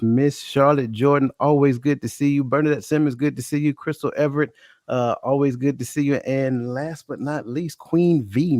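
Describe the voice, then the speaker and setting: Male podcast host, mid pitch, energetic and colloquial, dry close recording. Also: no echo. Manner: energetic, shout-outs, self-correcting, colloquial. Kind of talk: casual podcast chat with panel.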